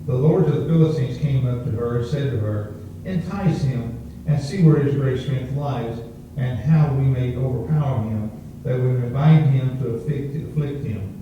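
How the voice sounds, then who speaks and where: A man's voice: mid-range voice, normal speed, mellow. Man reading scripture from across a hall. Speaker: congregant reading scripture aloud. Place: church sanctuary. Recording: distant voice in echoey church, lo-fi, faint hum.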